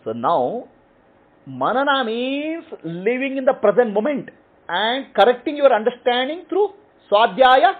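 Brief: male teacher, high lively voice, husky, checks "okay?" often. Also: measured pace. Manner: explains in short repeated phrases, checking with "okay?". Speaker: spiritual teacher. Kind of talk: teaching answering questions. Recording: tinny phone-like audio.

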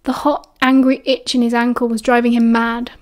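High-voiced British woman reading aloud. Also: flat delivery, moderate pace. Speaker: audiobook reader. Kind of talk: fan audiobook narration.

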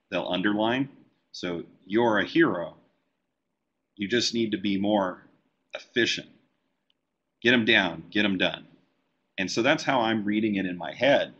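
A man who letters comic books, teaching a live software tutorial and talking easily as he works on screen. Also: low voice, husky, dull audio. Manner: relaxed, talks while working on screen. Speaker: comic book letterer and design educator.

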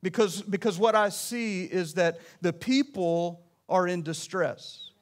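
A man with a high voice preaching to his congregation in a church. He talks in a loose, conversational way, restarting his phrases and adding asides as he goes. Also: takes it slowly. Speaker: pastor. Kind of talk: sermon.

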